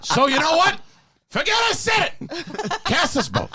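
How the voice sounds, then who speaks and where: A man doing a comic impression of an indignant older male movie star who rants and shouts. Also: very high-pitched, sing-song, unhurried, crowd noise, pitched above the performer's own voice, exaggerated voice.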